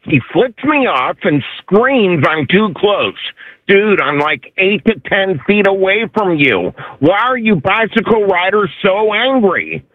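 A man's voice: sits high, lively intonation, takes it slowly, no echo. A man calling a radio show, exasperated as he airs a gripe. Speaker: caller. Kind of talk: ranting radio call. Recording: dull dry phone line.

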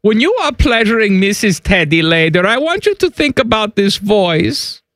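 A man's voice: big pitch swings, moderate pace, fairly bright tone, full character voice. A radio host putting on a German accent to play a flirty, teasing German man. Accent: put-on German. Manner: high, sing-song, teasing. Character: flirty male German caricature. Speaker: radio sports talk host.

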